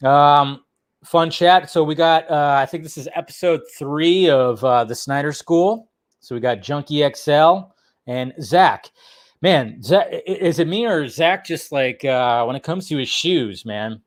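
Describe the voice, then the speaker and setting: A male host giving casual movie news commentary, excitable, swearing freely and laughing often. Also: a little high, unhurried. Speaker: host of a film news channel.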